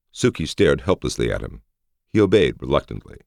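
A male audiobook narrator with an extremely deep, gravelly voice tells the story steadily. His intonation moves a lot, and the sound is close and dry. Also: very animated, moderate pace, darkish tone, no echo.

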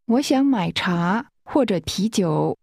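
A woman speaks very slowly, modeling phrases for a language drill. She pronounces each word carefully, in a dry, close recording. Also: medium pitch, animated, creaky, a little mellow, no echo. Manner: slow, careful pronunciation.

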